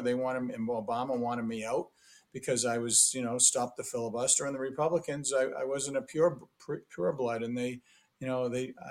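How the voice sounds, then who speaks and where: A man, telling rambling anecdotes as a podcast interview guest, with frequent restarts. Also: mid-range voice. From Massachusetts, USA. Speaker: podcast guest, former senator and ambassador. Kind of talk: casual storytelling interview.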